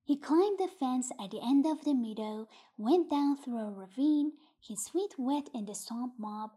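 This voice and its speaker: A woman narrating a literary short story in a calm, measured audiobook reading. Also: high voice, breathy edge.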